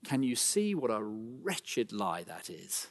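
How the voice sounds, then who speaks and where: A man's voice: mid-range voice, big pitch swings, slow pace, long reverb tail. A middle-aged man preaching a sermon in a church, earnest and building to fervent emphasis. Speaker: pastor.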